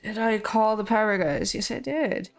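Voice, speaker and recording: A woman's voice: mid-range voice, normal speed, creaky. A woman streaming a game, chatting casually with viewers and her pet.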